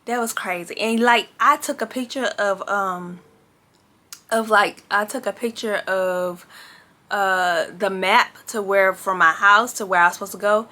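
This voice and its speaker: A young adult woman telling a dramatic personal story to her camera, in a lively, casual way and filling her talk with "like" and "baby". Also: mid-range voice, measured pace. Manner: animated, dramatic retelling with frequent "like" and "baby".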